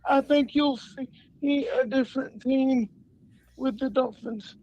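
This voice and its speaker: A man in his forties from North Carolina calls in to a sports show, speaking slowly and earnestly as a fan. His fairly high voice comes through a dull, muffled phone line. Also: fairly even intonation, a crowd in the background. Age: 40s. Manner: slow, earnest fan talk. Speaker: caller.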